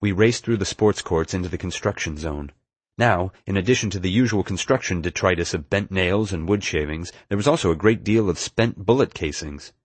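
A man reading a first-person adventure story aloud in a steady, measured way. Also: low voice, breathy edge, dry recording. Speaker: audiobook narrator. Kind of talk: scripted first-person narration.

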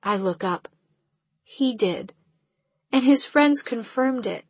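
A woman narrating a first-person audiobook at an unhurried, measured pace. Her voice is mid-pitched with a soft husky breathiness. The sound is close and dry. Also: no echo.

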